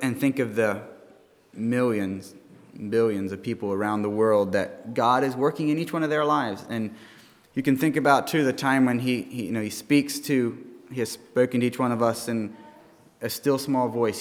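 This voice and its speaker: A man preaching a sermon in a church, earnest and halting, with frequent restarts. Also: mid-range voice. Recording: long hall reverb.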